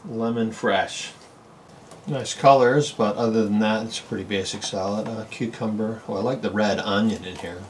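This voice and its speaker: Lowish-voiced man chatting over a meal. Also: fairly even intonation, normal speed, slight background noise. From California. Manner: chatty, savoring bites with lots of mm and oh. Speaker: food vlogger. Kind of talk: casual food review vlog. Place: home in Japan.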